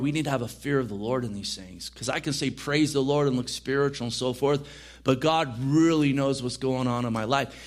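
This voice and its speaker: A man preaching a sermon in a church as pastor, reading scripture aloud and pressing his points with earnest emphasis. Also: mid-range voice.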